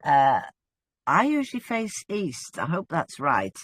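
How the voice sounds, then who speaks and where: A woman's voice: sits low, wildly swooping pitch, takes it slowly, no room sound. A woman, a guest in a casual religious discussion, explaining with earnest enthusiasm.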